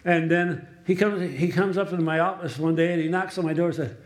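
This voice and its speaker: A man's voice: fairly high pitch, brisk. Man preaching a sermon in an echoey church. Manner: conversational storytelling, asks the room for amens. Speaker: pastor and chaplain.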